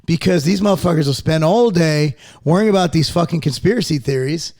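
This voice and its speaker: A man's voice: a little high, fairly quick. A man in his forties hosting a podcast, ranting casually with constant swearing. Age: 40s. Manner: profane, animated ranting. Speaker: podcast host.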